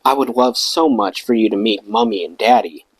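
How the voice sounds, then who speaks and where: A man's voice: on the low side, moderate pace, breathy edge, no echo. Posh gushing young woman, read by a man.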